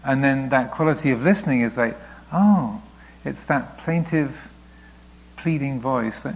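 A man with a gravelly, creaky voice answers a student's question as a meditation teacher, reflective and unhurried in his explaining. He sits at a middle pitch and sometimes voices thoughts aloud. The recording sounds dull and lo-fi. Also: slight background noise. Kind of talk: dharma talk Q&A.

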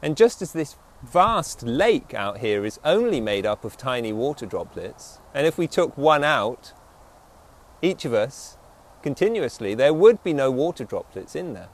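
Reflective male meditation teacher, lively pitch. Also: a little slow. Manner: reflective, often checks in with "yeah?". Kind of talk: dharma talk.

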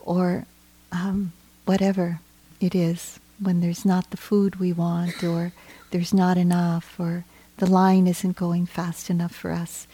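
A woman meditation teacher giving a gentle, reflective dharma talk on retreat, pausing often and trailing into soft phrases. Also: on the low side, completely flat delivery, slight background noise.

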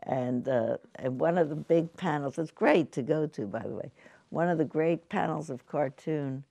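An older woman gives a dharma talk in a low, mellow voice with a gravelly edge. She muses conversationally, pausing on fillers and restarting her sentences. The sound is dry and close. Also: no echo. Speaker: meditation teacher. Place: meditation hall.

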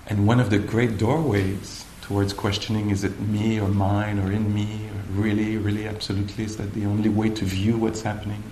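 A male meditation teacher giving a gentle, playful dharma talk with frequent pauses. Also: lowish voice, little pitch movement, slight background noise. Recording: roomy hall with faint ambience.

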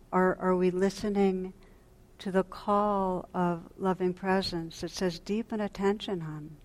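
Gentle low-voiced woman meditation teacher. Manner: gentle, reflective, often drops to a soft hush; pauses and restarts mid-sentence. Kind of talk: dharma talk at a retreat.

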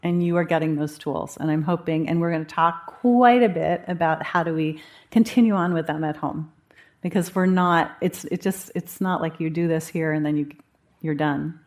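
A woman leads a dharma talk at a meditation retreat, her voice sitting somewhat low. She speaks conversationally, thinking aloud with gentle humor as she teaches. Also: normal speed.

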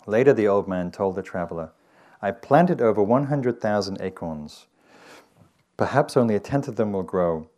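A man from England giving a meditation dharma talk, telling stories in a gentle, conversational way. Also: lowish voice, animated, moderate pace. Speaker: meditation teacher. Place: meditation hall with audience.

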